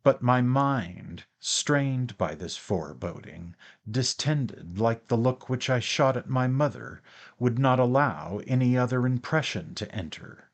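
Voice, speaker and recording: Here a man narrates a classic novel for an audiobook, his medium-pitched voice staying steady and measured across lengthy sentences.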